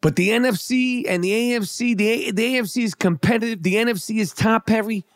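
Brash high-voiced man ranting. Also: fairly quick, no room sound, clean studio sound. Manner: brash, swearing, hyped, repetitive. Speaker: sports commentator. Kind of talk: profane fantasy football rant.

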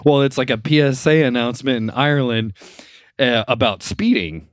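A young man co-hosting a casual podcast, telling stories in an animated way and laughing through them. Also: medium pitch, moderate pace, background noise. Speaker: podcast co-host. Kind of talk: casual chat.

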